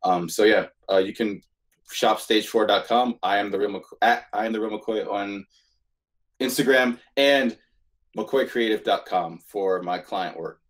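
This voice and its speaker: A man with a fairly low voice chats as a podcast guest. He is relaxed and a little halting, filling pauses with "uh" and "um" as he goes. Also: poor audio. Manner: laid-back, hesitant, many "uh" and "um" fillers. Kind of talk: casual conversation.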